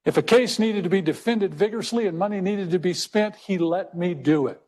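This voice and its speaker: High-voiced man telling a story. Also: a little mellow. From Texas. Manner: conversational storyteller, slows for emphasis. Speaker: speaker. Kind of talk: storytelling talk.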